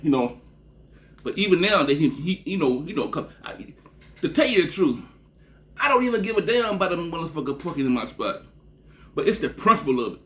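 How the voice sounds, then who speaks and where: A man from Texas telling a long, rambling story in a casual, profane way, often trailing off with a low "man" at the end of a phrase. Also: big pitch swings, a little fast, pauses often, a bit bright. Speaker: vlogger.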